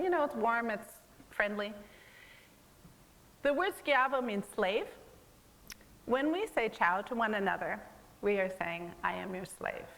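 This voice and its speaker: An American woman artist gives a conversational talk about her work in a museum gallery, explaining at an easy pace with frequent fillers. Her voice is fairly high and a bit bright, and the low-quality recording carries a big-room sound.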